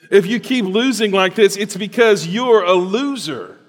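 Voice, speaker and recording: A man's voice: sits high, big pitch swings, unhurried, a little mellow, slightly rough, pitched above the performer's own voice, heavily acted. A man voicing a taunting, accusing devil who mocks the listener as a loser. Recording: echoey hall.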